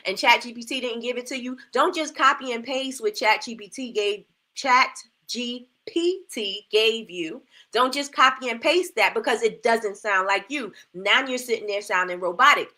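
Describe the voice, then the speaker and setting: Bright-voiced chatty woman host. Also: fairly high pitch. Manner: chatty, coaching, repeats phrases and asks rhetorical questions. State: dry mouth from a new retainer. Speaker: livestream host. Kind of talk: casual livestream talk.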